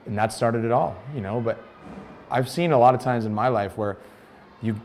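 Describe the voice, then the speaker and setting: Faint music plays behind this medium-pitched American man, a former professional soccer player in his thirties, as he retells his story at a moderate pace. During the interview he performs the lines he quotes with lively energy.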